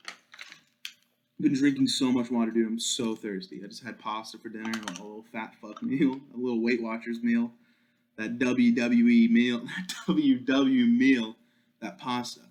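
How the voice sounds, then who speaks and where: A man's voice: mid-range voice, darkish tone. Young man ranting crudely on a podcast. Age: young adult. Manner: crude, profane, joking rant. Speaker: podcast host. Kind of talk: solo podcast monologue.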